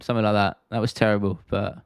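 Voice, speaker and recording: A man's voice: lowish voice, little pitch movement, fast, smooth, dry recording, clean studio sound. A man with a South London accent hosting an MMA live stream, chatting casually and bluntly while reading viewer comments. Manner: chatty, blunt, swears freely, drops T's.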